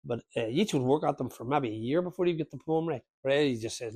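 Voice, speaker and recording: A man's voice: medium pitch, fast, a little mellow, husky, dry recording. A man with a Northern Irish accent from Lurgan, talking about a recording in a hesitant, restarting way. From Northern Ireland. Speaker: speaker at a talk. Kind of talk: casual talk discussing a recording.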